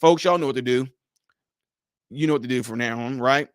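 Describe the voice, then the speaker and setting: A man's voice: mid-range voice, fairly quick, no room sound, studio quality. A man hosting a casual livestream for viewers, speaking emphatically with a preacher-like delivery. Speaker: livestream host.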